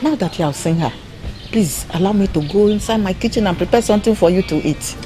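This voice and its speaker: A woman's voice: medium pitch, quick pace, music in the background, lightly acted. An actress with a Nigerian accent playing a hospitable mother welcoming her daughter's fiancé in a film. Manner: chatty, lively.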